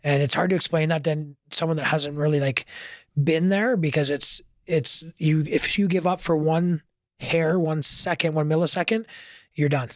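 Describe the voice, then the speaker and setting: A man's voice: a little high, steady tone, moderate pace, no room sound, studio quality. A man telling his story in a casual interview, earnest and emotional, at times choking up. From Canada. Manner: earnest, emotional, gets choked up. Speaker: firefighter guest.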